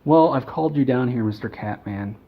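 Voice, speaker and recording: A man voicing a scheming, gigantic male rat king in a hushed, conspiratorial way, on a slightly dull lo-fi recording. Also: medium pitch, fairly quick, breathy edge.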